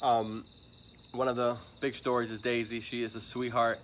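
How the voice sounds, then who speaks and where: A chatty man talks casually to his livestream viewers and sweet-talks a dog at an animal shelter. His voice sits at a middle pitch. The phone recording is outdoors, with crickets and clear background noise. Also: little pitch movement, normal speed. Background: crickets and insects.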